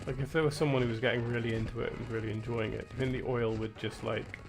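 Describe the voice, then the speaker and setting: A man's voice: mid-range voice, flat delivery, fast talker, background noise. A young British man rambling wryly in casual gameplay commentary, with lots of filler words. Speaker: streamer. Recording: faint game music behind. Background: faint game music.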